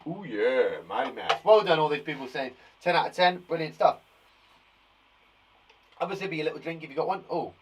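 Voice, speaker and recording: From his garden shed, a middle-aged primary school teacher runs a live online times-tables session for young children, jokey, playful and encouraging. His voice is fairly high with lively intonation, fairly quick but broken by long pauses. The mic is a bit far off and picks up a little hiss or hum.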